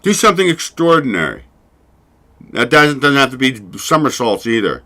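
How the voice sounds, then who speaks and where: A man's voice: medium pitch, sing-song, moderate pace, sharp tone. A man hosting his own show, chatting casually and rambling, swearing freely and laughing often. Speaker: show host. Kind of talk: casual solo livestream chat.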